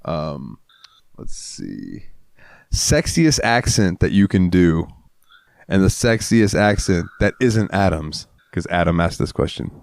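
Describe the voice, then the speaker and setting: A man with a very low voice that jumps around a lot in pitch, co-hosting a loose, crude podcast. He jokes constantly and laughs between lines. The sound is dry and close. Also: very animated, creaky, no echo. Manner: joking, laughs often, drawn-out words. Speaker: podcast co-host. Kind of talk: casual crude chat.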